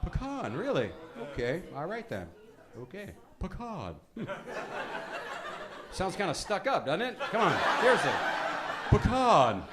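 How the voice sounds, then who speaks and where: A man performs a stand-up set in a comedy club, his slightly high voice rising and falling widely as he rambles in a deadpan way. He speaks into a handheld stage mic. Clear club noise runs under the live recording. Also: a little slow, long pauses. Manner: deadpan, rambling, lively swings in pitch.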